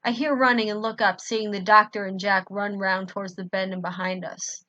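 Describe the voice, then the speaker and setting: A woman reads a fan story aloud in first person, pausing to fix her own slips. Her voice is bright and clear-toned. The recording is dry and a little dull. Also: medium pitch, little pitch movement, no echo. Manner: stops to correct her misreadings. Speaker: fan fiction reader. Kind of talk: amateur story reading.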